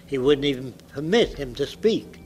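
A man's voice: mid-range voice, animated, moderate pace, darkish tone, faint music behind, poor audio. A man in his nineties giving a public lecture in a blunt, provocative way. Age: 90s.

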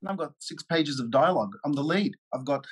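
A man, an actor guest in a casual interview, telling lively stories and acting out the lines of other people. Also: fairly high pitch, fairly quick, husky, low-quality recording. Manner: animated storyteller, acts out quotes.

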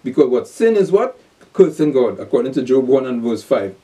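Fast-talking preacher man, dark voice. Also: medium pitch, far from the mic. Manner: animated, repeating rhetorical questions. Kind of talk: scripture teaching.

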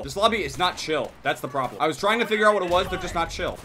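A man giving profane, excitable commentary over his own gameplay as a YouTuber. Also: a little high, very fast, hardly any pauses, a little hiss or hum. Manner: profane, excitable, yelps and laughs at plays. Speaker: gaming YouTuber. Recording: game gunfire behind the voice. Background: gunfire and game sounds.

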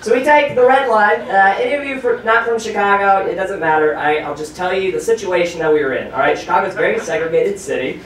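High-voiced man doing stand-up, very echoey. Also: fast talker, hardly any pauses. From United States. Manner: animated, profane, shouts punchlines. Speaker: stand-up comedian hosting a show. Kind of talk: stand-up comedy set. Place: comedy club stage. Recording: very echoey club audio, from far off.

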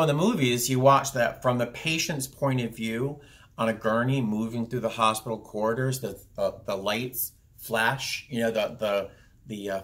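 A young man telling a personal story to his camera in a rambling, casual way, full of fillers and restarts. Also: mid-range voice. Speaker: vlogger. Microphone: camera viewfinder, talking to camera.

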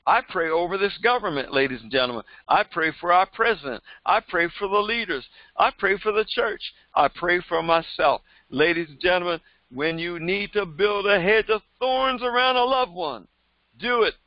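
A man's voice: sits high, normal speed, dry recording, muffled recording. A man preaching as a pastor, emphatic and repetitive in his delivery. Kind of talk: sermon.

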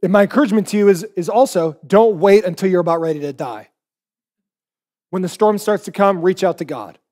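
High-voiced pastor preaching a sermon. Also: male voice, fairly quick. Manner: animated storytelling, acts out quoted voices.

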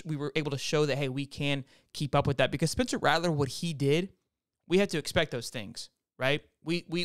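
A man's voice: a little high, clear, resonant tone, no echo, clean studio sound. A man hosting a fan sports show, breaking down a football game in casual commentary that talks straight to viewers, with frequent restarts.

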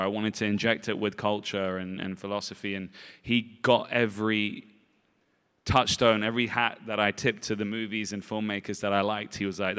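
Low, flat-voiced man rambling on stage. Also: clear, resonant tone. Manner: halting, repeats words, constant "you know" fillers. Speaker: film director and actor, interview guest. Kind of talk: rambling conversational interview answers. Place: festival stage in a large hall. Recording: long reverb of a large hall.

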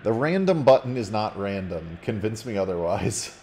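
A man casually commentating a video game football match play by play, getting loud when a goal goes in. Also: lowish voice, normal speed, over loud music. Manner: casual, rising excitedly on goals.

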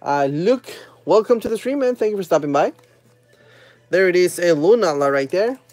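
A man hosting a live stream, opening trading card packs with excited casual commentary, humming while he opens them and chatting with viewers. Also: sits high, moderate pace, no echo, faint music behind. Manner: chats with viewers and reads their comments aloud.

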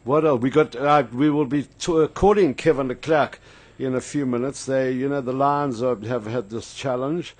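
A man's voice: medium pitch, steady tone, moderate pace, darkish tone, dry recording. An older man with a South African accent, hosting a radio show in a casual, rambling storytelling manner full of fillers. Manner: rambling, anecdotal, frequent fillers. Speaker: radio host. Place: radio studio.

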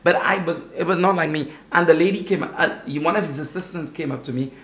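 A man from Saint Lucia in his forties talks through his memories in an interview, animated and expressive. His voice sits a little high for a man, and the room around him rings with echo. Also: fast, a little hiss or hum. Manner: animated, expressive, often asks "you know what I mean?". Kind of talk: casual storytelling in an interview. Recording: roomy echo.

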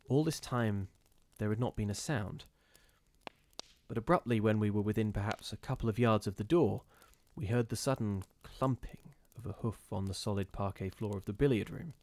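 A man reading a gothic ghost story aloud in a measured, steady storytelling manner with occasional brief restarts. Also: fairly low pitch. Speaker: reader of ghost stories.

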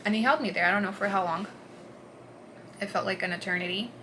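A woman vlogger recounting a personal story in an earnest, halting way, dropping to a hush and then pushing hard. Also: medium pitch, slight background noise, low-quality recording. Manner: earnest, halting, swings between hushed and forceful.

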